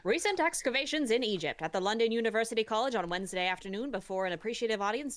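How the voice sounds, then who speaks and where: Woman doing a 1930s reporter voice, rapid, declaiming, lively pitch. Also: a little hiss or hum, natural voice. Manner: fast, declaiming read-aloud. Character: brisk 1930s male-style newspaper reporter. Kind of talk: old-time newsreel reading.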